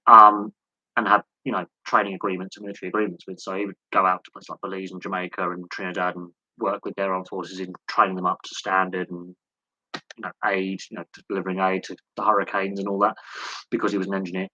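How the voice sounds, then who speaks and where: A man hosting a live sports Q&A, telling rambling anecdotes with lots of restarts and animated quoted dialogue. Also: low voice, fast, dry recording, dull audio. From United Kingdom. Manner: rambling storytelling with frequent restarts and animated quoting. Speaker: host of a sports channel. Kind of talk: casual live Q&A chat.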